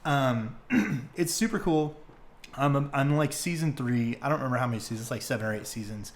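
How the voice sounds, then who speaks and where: A young man hosting a podcast, retelling stories in casual, excitable chat full of fillers and swearing. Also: medium pitch, fairly quick. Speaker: podcast host.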